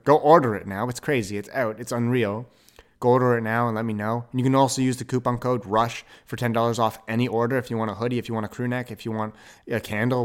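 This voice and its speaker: A young man hosting a podcast, telling a rambling story with quick self-corrections and an upbeat, animated manner. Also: mid-range voice, clear, resonant tone. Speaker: podcast host. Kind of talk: casual monologue.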